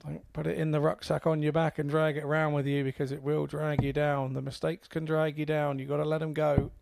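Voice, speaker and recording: Gravelly co-commentator man, dry sound. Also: fairly high pitch, flat delivery, fairly quick, a little mellow, no room sound. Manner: jokey, gives advice. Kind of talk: live sports commentary.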